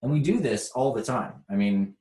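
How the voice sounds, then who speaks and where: A man's voice: medium pitch, lively intonation, normal speed, warm tone, roomy sound. An American man leading a spiritual workshop talk, reflective and chuckling often as he teaches.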